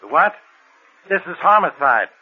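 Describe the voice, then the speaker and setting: An actor playing a short-tempered police inspector, curt and sarcastic, in a 1940s radio drama. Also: male voice, on the high side, very animated, a little slow, breathy edge, exaggerated voice. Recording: tinny old radio broadcast.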